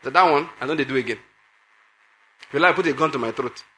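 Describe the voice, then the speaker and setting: A man's voice: fairly high pitch, fast, bright, forceful tone. A man preaching a sermon, emphatic, repeating phrases and putting questions to his listeners.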